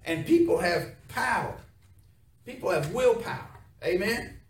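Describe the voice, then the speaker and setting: With a high-pitched, expressive voice at a measured pace, a man delivers a folksy sermon, regularly questioning his congregation for responses. The mic is distant, the room echoes, and there's noise.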